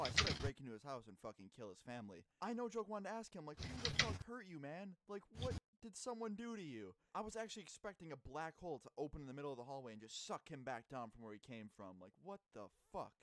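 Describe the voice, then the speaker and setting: A young man in casual vlog storytelling, animated and profane, with sudden loud outbursts while telling a school story. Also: mid-range voice, background noise. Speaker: YouTuber. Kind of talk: casual storytime over gameplay.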